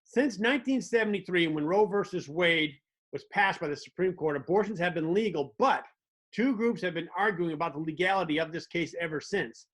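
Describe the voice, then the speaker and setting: A man's voice: sits high, brisk, a bit bright. A man hosting a comedic monologue, telling wry stories with little mock dialogues. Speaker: host.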